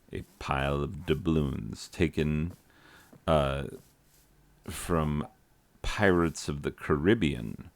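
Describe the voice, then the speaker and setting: A man, a teacher, rambling casually over his gameplay with jokes, trailing off and filling pauses with ums. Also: a bass voice, creaky, no room sound. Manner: meandering, joking, trails off with many fillers. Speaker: teacher making a gaming vlog. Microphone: close desk microphone.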